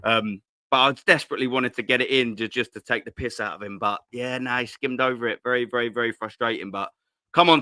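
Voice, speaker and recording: A man's voice: medium pitch, bright, forceful tone, no echo, studio quality. A man hosting a casual live stream from home, rambling and swearing with lots of slang into a cheap desk mic at his laptop. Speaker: host.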